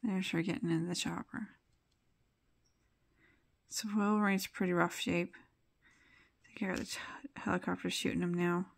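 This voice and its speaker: A woman's voice: fairly low pitch, fairly even intonation, moderate pace, vocal fry, pauses often, slightly rough. A woman casually retelling a comic book's plot as a reviewer, chatting loosely with asides as she flips pages.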